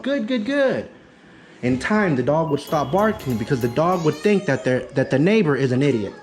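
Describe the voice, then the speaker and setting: A man's voice: a little high, a little hiss or hum. A man working as a dog trainer, giving an in-home consultation in an emphatic, repetitive teaching manner. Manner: emphatic, repetitive teaching, acts out excited praise.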